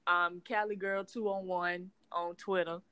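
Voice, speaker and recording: A woman's voice: fairly low pitch, level tone, a little slow, sharp tone, smooth. A woman in her twenties with a Southern US accent, a blunt, cursing podcast co-host in casual chat. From California, raised in Alabama. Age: 20s. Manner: blunt, swears freely.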